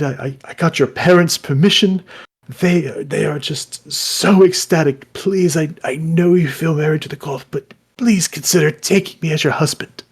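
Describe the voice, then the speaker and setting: A man's voice: on the high side, slightly rough. A man voicing an eager, lovesick young man who pleads and gushes with a stammer in a tabletop game.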